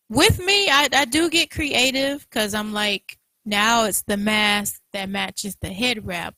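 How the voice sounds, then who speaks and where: A young adult woman with a Southern US accent, co-hosting a casual chat, relaxed and quick to laugh, with many fillers. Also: medium pitch, no echo, low-quality recording. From Florida. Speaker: co-host.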